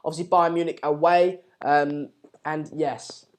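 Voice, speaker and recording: A man's voice: on the high side, flat delivery, unhurried. A young man hosting a casual live stream, reading out viewer comments in a hesitant, rambling way with many fillers.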